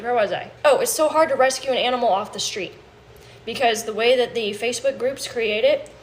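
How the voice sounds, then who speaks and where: A woman's voice: fairly high pitch, a little hiss or hum. A woman chatting casually on a livestream from her home kitchen, talking to viewers. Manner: chatty, coos baby talk to her cat. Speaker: livestream host.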